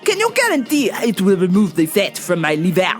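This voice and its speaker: A woman's voice: medium pitch, huge pitch swings, faint music behind. A woman putting on a grumpy swearing Frenchman. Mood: indignant. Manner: indignant, swearing, halting broken phrasing. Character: grumpy, cussing male pharmacy customer with put-on French accent.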